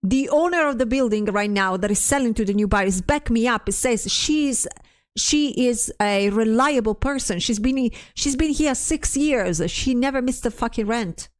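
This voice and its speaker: A woman's voice: fairly high pitch, normal speed. A stressed woman streamer in casual livestream chat, ranting, swearing often and restarting her sentences as she reads chat aloud.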